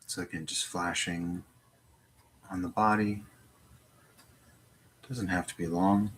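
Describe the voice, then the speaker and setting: A man guiding a mindfulness meditation from his home in a slow, gentle voice with long pauses. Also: low-pitched, fairly even intonation, slight background noise. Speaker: meditation teacher. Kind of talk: guided meditation.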